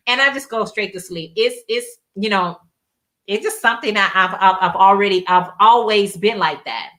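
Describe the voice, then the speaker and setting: Bright-voiced woman chatting live. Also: medium pitch, measured pace. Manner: rambling, reads viewer comments aloud and laughs often. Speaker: livestream host. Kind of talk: casual live chat.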